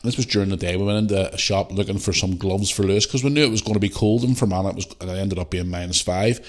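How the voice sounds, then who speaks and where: A man's voice: low-pitched, fast talker. A Northern Irish man hosting a podcast, ranting bluntly and animatedly with heavy swearing. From Northern Ireland. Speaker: podcast host. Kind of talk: casual podcast rant.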